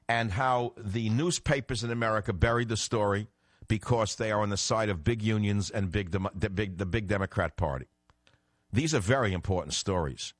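A middle-aged man hosting a political talk radio show, combative and emphatic, swinging from low muttering to loud outbursts. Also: no room sound, clean studio sound.

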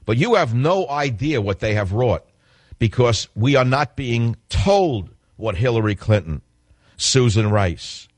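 Emphatic low-voiced radio host man. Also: no echo. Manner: emphatic, repetitive, stresses key phrases. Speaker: radio talk show host. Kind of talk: political radio monologue.

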